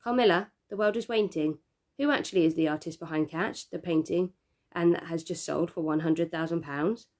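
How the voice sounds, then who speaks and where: A woman's voice: lowish voice, brisk, close to an everyday voice. Woman playing a smug TV reporter. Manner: bright, probing broadcast delivery.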